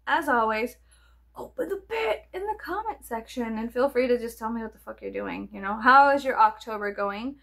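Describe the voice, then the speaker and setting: A woman's voice: a little high, expressive, normal speed, gravelly, a bit bright. A young woman vlogger chatting casually to her viewers, playful and swearing often, dropping to near whispers and jumping to sudden squeals. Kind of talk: rambling casual chat to camera.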